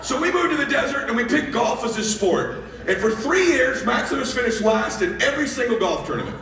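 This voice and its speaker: A man's voice: very high voice, very animated, a little fast, a bit bright. A middle-aged man giving a motivational talk, telling a story with animation and acting out the dialogue. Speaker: motivational speaker. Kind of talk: motivational speech to an audience. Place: large hall with audience laughing. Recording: echoey hall, voice from far off.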